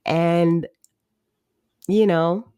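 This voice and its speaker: Slow, chatty woman podcast host. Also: fairly low pitch, steady tone, mellow, clear, resonant tone, no room sound. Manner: chatty, wry, says "like" often. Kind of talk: casual drama recap commentary.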